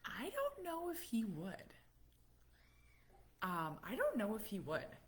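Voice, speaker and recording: A middle-aged American woman telling stories in a casual live chat, animated and acting out what people said. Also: fairly high pitch, takes it slowly, husky. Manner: storytelling, animated, acts out quotes. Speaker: vlogger, autism parent.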